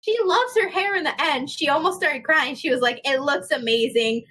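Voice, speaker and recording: A young woman casually telling a work story, animated and laughing as she acts out what people said. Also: high voice, brisk. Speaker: podcast co-host.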